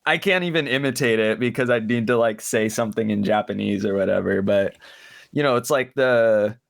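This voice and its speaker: A man co-hosting an anime review podcast, chatting casually with halting restarts. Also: fairly low pitch, vocal fry, no room sound. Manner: halting, many restarts and "like" fillers. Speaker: podcast co-host. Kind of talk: casual chat.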